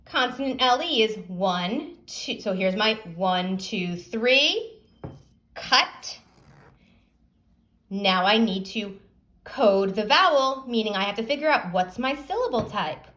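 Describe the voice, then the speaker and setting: A woman teacher giving a phonics lesson, sounding out words slowly and asking young pupils questions. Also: mid-range voice, expressive, a bit bright.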